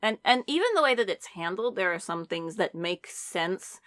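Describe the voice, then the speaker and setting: A woman with a low voice chats casually on a podcast, animated and quick to act out characters as she talks. The sound is dry and close-miked, with no room around it. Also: no echo. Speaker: podcast co-host. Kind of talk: casual chat.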